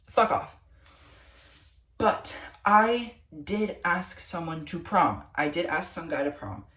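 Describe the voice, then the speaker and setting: A teenage girl with a low, fairly bright voice rants casually to camera in a vlog, swearing a lot and sounding exasperated. The room is echoey and the mic sits at a distance.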